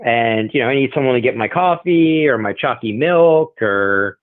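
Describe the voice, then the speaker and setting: A man co-hosting a wrestling podcast, chatting casually with deadpan, self-important jokes, heard through a tinny phone-like sound. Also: mid-range voice, moderate pace, dry recording. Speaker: podcast co-host. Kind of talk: casual chat.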